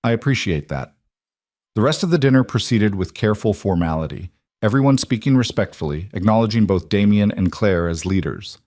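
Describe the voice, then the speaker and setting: A man reading a dramatic romance story as narrator, in a measured, even way. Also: fairly low pitch, no room sound, clean studio sound. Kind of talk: scripted narration.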